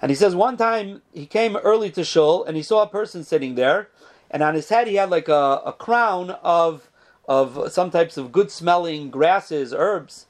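A man's voice: a little high, a little mellow. A man giving a casual Torah lesson, telling stories and sprinkling in Hebrew terms. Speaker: Torah teacher.

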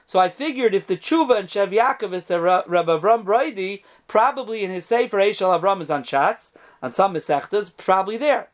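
High-voiced man teaching rabbinic texts. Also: lively intonation, a little fast, hardly any pauses. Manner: reads Hebrew quotes, then explains them in casual English with fillers. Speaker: Torah teacher. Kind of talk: lecture reading and translating rabbinic responsa.

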